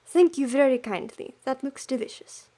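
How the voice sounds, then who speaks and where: A woman voicing a pompous, blood-craving young gentleman adventurer in a put-on British accent, drawing out his words theatrically. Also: high-pitched. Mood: indulgent. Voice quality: grandiose, drawn-out and theatrical.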